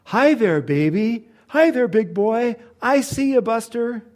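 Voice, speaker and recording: A man voicing a drunk old male vagrant who loudly calls out sing-song baby talk across a room. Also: extremely high pitch, animated, slow, voice pushed up, heavily acted. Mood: boisterous.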